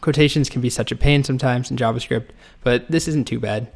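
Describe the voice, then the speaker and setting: Guy doing a coding tutorial, gravelly voice, easygoing step by step explaining. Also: medium pitch, a little fast. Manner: relaxed, explains step by step while typing. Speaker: coding instructor. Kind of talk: screen-recorded coding tutorial.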